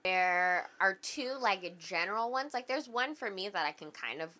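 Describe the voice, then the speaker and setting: A woman tells a personal story on a casual podcast, her voice bright and sharp at a middle pitch. She talks loosely, filling her sentences with "like" and "you know what I mean". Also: lively intonation, normal speed. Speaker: podcast co-host.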